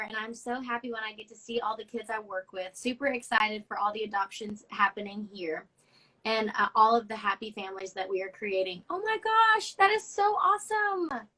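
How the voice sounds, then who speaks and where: A young woman with a drawl hosts a casual live stream and reads fan messages aloud. Her voice is bright and a little high. She talks in a chatty, effusive way. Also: rough recording. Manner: chatty and effusive, gets emotional reading notes. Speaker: host of a live social media show.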